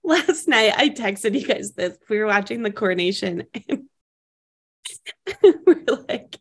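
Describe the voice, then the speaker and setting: A woman's voice: medium pitch, animated, unhurried, gravelly, breathy edge. A young woman co-hosting a casual chat, telling stories and often laughing as she talks. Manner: giggly, laughs through her stories. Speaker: podcast co-host.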